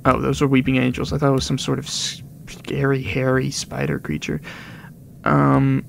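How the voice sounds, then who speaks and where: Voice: medium pitch, level tone, normal speed, creaky, slight background noise. A gaming video creator giving rambling, casual commentary over gameplay, with muttered asides that drop to whispers.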